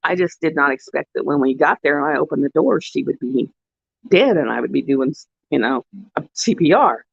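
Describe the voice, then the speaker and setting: A woman in her fifties chatting casually to her viewers, rambling through stories and jumping up high when she quotes people. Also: lively intonation, moderate pace, creaky, breathy edge, no echo, lo-fi sound. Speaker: vlogger.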